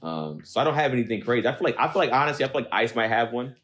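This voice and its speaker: A man's voice: mid-range voice, fairly even intonation, rapid-fire, a bit bright. A young man hosting a casual podcast chat, telling rambling, self-deprecating stories. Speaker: podcast host.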